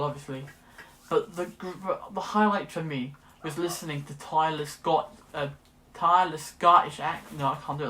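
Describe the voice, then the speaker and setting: A man's voice: a little high, a bit bright. Chatty young man vlogging. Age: late teens. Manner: chatty, rambling, often restarts and self-corrects. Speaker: student vlogger. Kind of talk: casual vlog chat.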